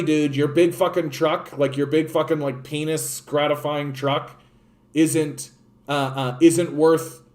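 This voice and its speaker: A young man from Canada ranting about politics, swearing often and swinging between loud outbursts and hushed, soothing asides. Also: a little high. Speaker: political streamer. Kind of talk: profane political rant.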